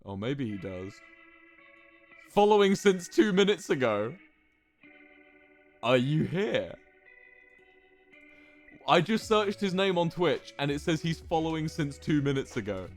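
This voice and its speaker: Young male streamer, high-ish, very lively delivery, cursing storyteller, light music bed. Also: a little slow, long pauses. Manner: animated, swears freely, acts out quotes. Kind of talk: casual storytelling to chat. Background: faint music.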